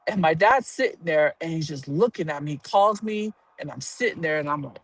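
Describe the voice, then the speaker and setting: A man telling a personal story to a live audience, animated and blunt, swearing casually and acting out the voices of the people in it. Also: a little high, fairly quick, hardly any pauses. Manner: animated, acts out quoted voices, laughs while telling.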